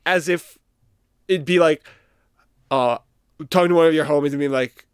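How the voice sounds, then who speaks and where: A man's voice: a little high, moderate pace, no echo, clean studio sound. A young man guest on a podcast, rambling with embarrassment and swearing as he tells a story. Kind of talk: casual chat.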